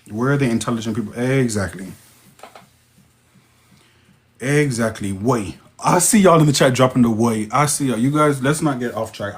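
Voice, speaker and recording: Casual male livestream host, Jamaican accent, middle pitch, reacts to chat with sudden high outbursts. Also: a little hiss or hum. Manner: excitable, interjects sudden high-pitched exclamations. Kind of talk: casual livestream chat reading viewer comments.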